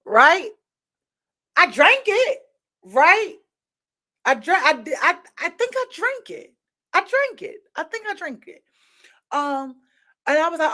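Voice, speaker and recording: A high-pitched woman hosts a candid opinion show. She tells stories animatedly and keeps checking in with her listeners. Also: slow pace, long pauses. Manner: animated storytelling, frequent rhetorical "right?" and laughter. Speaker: podcast host. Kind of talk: candid opinion talk addressing viewers.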